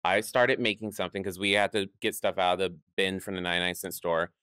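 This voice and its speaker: Drag performer guest, male, fairly low voice, lively storyteller, dry studio mic. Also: fast talker, clear, resonant tone, dry recording. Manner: animated, acts out quoted voices, laughs often. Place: podcast studio.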